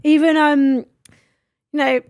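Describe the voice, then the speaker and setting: A young woman, hosting a podcast and telling stories in an animated, sweary way. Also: sits high, slow pace, no room sound, clean studio sound. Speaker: podcast host. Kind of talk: casual chat.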